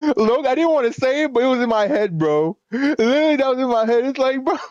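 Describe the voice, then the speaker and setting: A man with a high, bouncing voice rants loosely over a news clip, full of slang and profanity. He sounds excitable and breaks into laughs easily. The sound is dry and a little dull, like a close home mic. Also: fast talker, no echo. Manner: excitable, swears a lot, laughs often, talks in slang. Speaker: streamer reacting to a news video. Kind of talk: casual profane reaction commentary.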